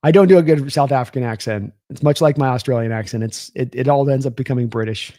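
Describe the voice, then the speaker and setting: A man's voice: mid-range voice, fast talker, dark tone, no room sound, clean studio sound. A young man hosting a live football stream, rambling casually, reading viewer comments aloud and thanking them by name. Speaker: sports livestream host.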